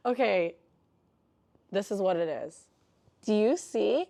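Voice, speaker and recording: A young woman vlogging a jewelry unboxing in a chatty, rambling way, breaking into squealing bursts of excitement. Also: a little high, a little slow. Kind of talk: casual unboxing vlog.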